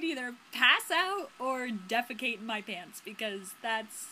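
A woman hosting a let's play, chatting playfully with quick asides over the game. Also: fairly high pitch, bright, forceful tone. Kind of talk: casual game commentary and reading the game's narration.

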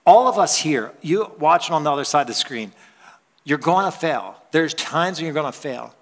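A man's voice: fairly high pitch, expressive, moderate pace. A male pastor preaching a conversational sermon, telling stories and laughing with the congregation. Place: church hall. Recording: long church hall reverb.

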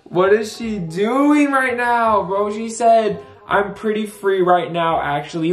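A man's voice: high-pitched, animated, moderate pace, reverberant. A young man in his twenties filming a casual prank vlog, frantic and exasperated, saying bro and dude a lot. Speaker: vlogger.

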